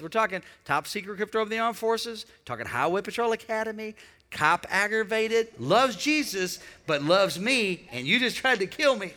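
A man preaching a sermon, emphatic and building to shouts, calling on the congregation to respond. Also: high-pitched, expressive, brisk, long reverb tail. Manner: calls on the congregation. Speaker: pastor.

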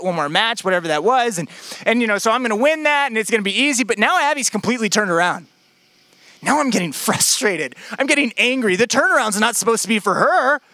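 A man's voice: sits high, pushed and bright, no room sound. A young man preaching a sermon as a pastor, telling personal stories in a conversational way and repeating his key phrases for emphasis. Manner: conversational storytelling with emphatic repetition.

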